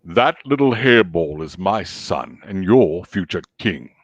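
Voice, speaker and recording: A man puts on a wise lion king with a low voice. He speaks in slow, grave pronouncements. The sound is dry and lo-fi. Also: animated, dry recording, heavily acted. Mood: solemn.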